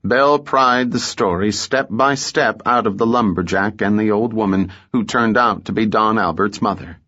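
A man narrating a story in a measured, even way, in a muffled audiobook recording. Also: lowish voice. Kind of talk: scripted narration.

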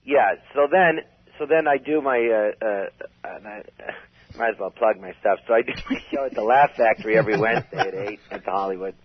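Rambling low-voiced man on a phone line. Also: slightly rough. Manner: rambling, halting restarts. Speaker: comedian guest. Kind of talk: casual storytelling.

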